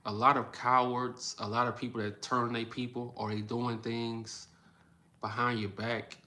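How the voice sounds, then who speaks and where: Blunt, bright-voiced man livestreaming. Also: medium pitch, unhurried. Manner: blunt, animated, repeats phrases for emphasis. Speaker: livestream host reading chat. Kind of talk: casual livestream commentary.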